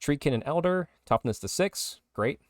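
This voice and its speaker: Over crowd noise, a man with a fairly high-pitched, animated voice co-hosts a casual podcast. At a moderate pace, he rattles through lists of game rule changes, reading out the updates.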